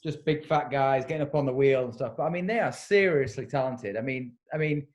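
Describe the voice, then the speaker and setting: A man hosting a podcast in casual chat, agreeable and quick to back up his guest. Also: medium pitch. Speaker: podcast host.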